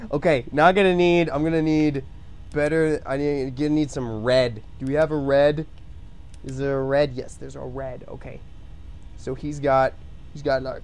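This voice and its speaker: A young man live-streaming while he draws, joking about his work and breaking into excited shouts. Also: medium pitch, normal speed. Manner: excitable, bursts into shouts and laughs; joking self-commentary. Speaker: livestreamer. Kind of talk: live-streamed drawing chat.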